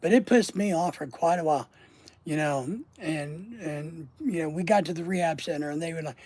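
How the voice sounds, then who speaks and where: Mellow-voiced man telling a rambling story. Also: fairly high pitch, expressive, normal speed, husky. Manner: rambling, profane, often trails off. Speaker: channel host. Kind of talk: casual livestream storytelling.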